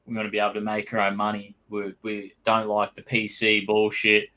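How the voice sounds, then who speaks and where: An Australian man hosts a casual podcast with a bright, forceful voice. He talks bluntly and emphatically, swearing freely as he makes his points. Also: fairly low pitch, completely flat delivery, a little fast. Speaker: podcast host.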